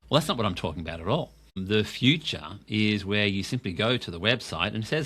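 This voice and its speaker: With a fairly low, pushed and bright voice, this middle-aged Australian podcast co-host talks business casually and enthusiastically, posing questions to himself and answering them. His intonation is lively and his pace a little fast.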